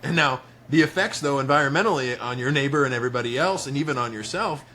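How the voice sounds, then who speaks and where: A man hosting a casual interview, eagerly affirming his guest and jumping in with quick agreement. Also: mid-range voice, pushed and bright, slight background noise. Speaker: host, nurse.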